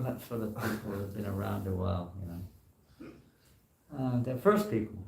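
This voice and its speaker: A man's voice: on the low side, moderate pace, vocal fry, long pauses, a little hiss or hum. Rambling man teaching in an echoey hall. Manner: conversational and rambling, many "you know" fillers. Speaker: monk giving a scripture class. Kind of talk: informal scripture class. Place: temple hall.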